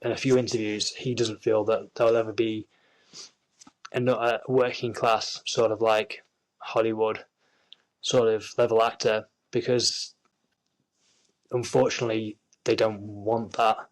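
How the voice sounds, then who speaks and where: A man's voice: on the low side, level tone, measured pace, pauses often, poor audio. Rambling man with a Yorkshire accent. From Yorkshire, England. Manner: rambling, frequent restarts and fillers. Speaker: actor, interview guest. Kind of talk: casual interview talk.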